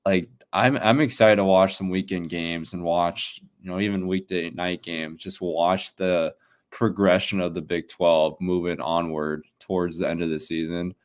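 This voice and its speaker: A man's voice: sits low, fairly even intonation, normal speed. A man co-hosting a sports podcast, chatting casually, rambling a bit, laughing and swearing now and then. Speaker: podcast co-host.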